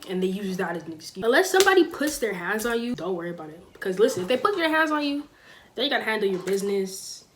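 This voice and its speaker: A woman's voice: medium pitch, quick pace, noisy background. Blunt, emphatic teenage girl. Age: teens. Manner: blunt, emphatic, lively with sudden loud stresses. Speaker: vlogger giving school advice. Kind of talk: casual sit-down advice talk. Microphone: camera mic, sitting.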